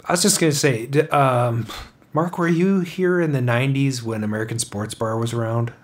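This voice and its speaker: A man's voice: mid-range voice, normal speed. Easygoing man in casual chat.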